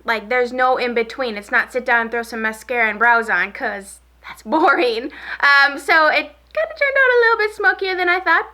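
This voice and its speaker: Woman, beauty vlogger, bright clear tone, slightly high voice, rambling casual chat, repeats herself. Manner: talks while applying makeup. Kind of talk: casual get-ready-with-me chat.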